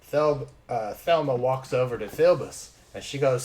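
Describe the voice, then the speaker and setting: A man narrating as game master in a tabletop game over voice chat, animated and laughing often while he describes scenes. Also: medium pitch, measured pace, hardly any pauses. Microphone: online voice call.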